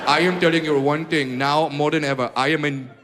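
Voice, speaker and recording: A man's voice: a little high, fairly even intonation, a little fast, voice pushed down, natural voice. A man playing a desperate male caller, putting on an Indian accent and pleading in overly formal phrases. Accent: put-on Indian. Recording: echoey hall with background noise.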